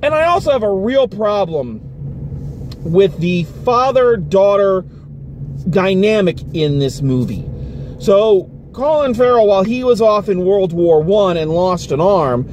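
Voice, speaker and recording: A man's voice: sits high, expressive, measured pace, a little mellow, muffled recording, a little hiss or hum. A man giving a casual spoken movie review from inside a car, ranting with exasperation and swearing freely. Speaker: film reviewer.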